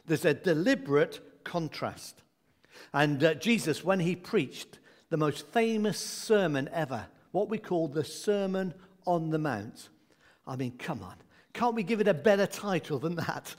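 A man gives a sermon with a fairly high, light voice. He keeps it conversational and humorous, breaking off for asides. His tone stays friendly and unhurried. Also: animated. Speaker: preacher.

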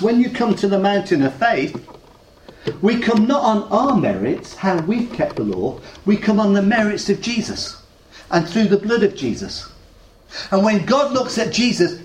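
A man's voice: sits high, sing-song, measured pace, reverberant, slight background noise, poor audio. A man preaching a sermon as a pastor, telling a story earnestly and repeating phrases for emphasis.

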